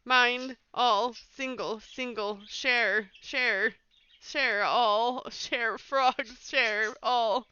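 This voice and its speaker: A streamer voicing a chorus of game frogs that share one mind, speaking in choppy single words broken up by croaks. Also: medium pitch, fairly even intonation, drawn-out words, bright, forceful tone, muffled recording. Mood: croaky.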